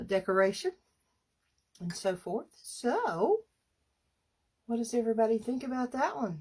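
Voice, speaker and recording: A woman demonstrating a paper craft on a live stream, chatty and unhurried, stopping now and then to clear her throat. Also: mid-range voice.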